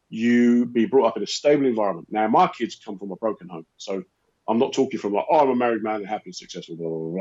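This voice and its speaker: A man co-hosting a casual chat show, telling comedy-club stories with lively animated delivery. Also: medium pitch, breathy edge, lo-fi sound. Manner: animated anecdote telling, acting out exchanges. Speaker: co-host and comedian.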